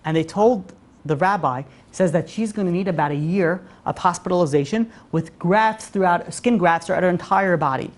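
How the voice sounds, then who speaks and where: A woman teaching a religious class, telling stories in a lively way with many "you know, like" fillers and acted-out quotes. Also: moderate pace. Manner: animated storyteller, acts out quotes with big pitch jumps. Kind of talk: religious lesson storytelling.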